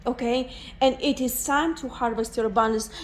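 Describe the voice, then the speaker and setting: A woman's voice: a little high, steady tone, moderate pace, a little hiss or hum, poor audio. A woman doing a pick-a-card tarot reading, speaking in an earnest, encouraging way and often repeating herself. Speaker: tarot reader.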